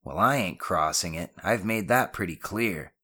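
A man's voice: deep voice, expressive, normal speed, pushed and bright, exaggerated voice. A man voicing a nervous, skeptical boy who sputters in disbelief. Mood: refusing.

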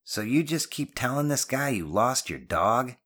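A man's voice: deep voice, lively intonation, measured pace, bright, forceful tone, full character voice. A man voicing a nervous, skeptical boy who sputters in disbelief. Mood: incredulous.

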